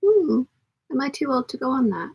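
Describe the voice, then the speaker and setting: A woman hosting a relaxed sewing livestream from her home studio chats to the live chat as she sews, her voice hoarse, croaky, gravelly and husky from illness. She's high-pitched and speaks at a moderate pace in a rambling, chatty, self-deprecating way, and the audio is dull.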